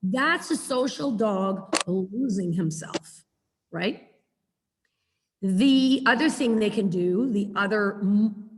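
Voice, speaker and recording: A woman dog trainer teaching a webinar over a video call, chatty and lively, repeating words for emphasis. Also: medium pitch. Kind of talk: webinar lesson. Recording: echoey video call audio.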